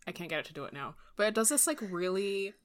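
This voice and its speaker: A woman's voice: medium pitch, expressive, fast talker. A woman co-hosting a podcast in casual chat. She reacts with wry disbelief and talks frankly, swearing now and then. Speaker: podcast co-host. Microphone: home microphone in a squeaky chair.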